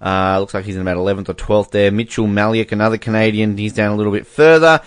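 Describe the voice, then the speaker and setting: A man's voice: on the low side, fairly even intonation, fast talker, clean tone, dry recording. Jokey Australian man with a close, dry sound. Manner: jokey, laughs often, stumbles over names. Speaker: podcast co-host reading results. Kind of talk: casual chat.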